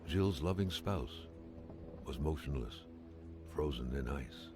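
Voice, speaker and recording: An actor playing the grave narrator of a horror game, telling the story in a measured, ominous way. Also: male voice, very deep voice, animated, music in the background.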